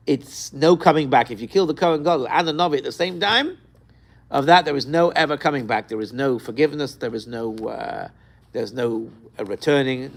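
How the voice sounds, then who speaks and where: A man teaching an informal Torah lesson, animated, asking rhetorical questions and mixing Hebrew terms into his English. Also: mid-range voice, vocal fry.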